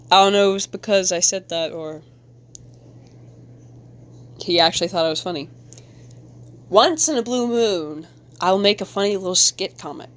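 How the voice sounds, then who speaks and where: Giggly young woman chatting on stream. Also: mid-range voice. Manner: rambling, giggly, talks to chat. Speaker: live-streaming artist. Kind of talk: casual live-stream chat while drawing.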